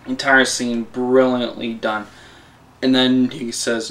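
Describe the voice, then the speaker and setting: Excitable young man reviewing a film. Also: mid-range voice, moderate pace. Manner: excitable and rambling, with swearing and laughs. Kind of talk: casual spoken film review. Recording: voice a bit distant from the mic.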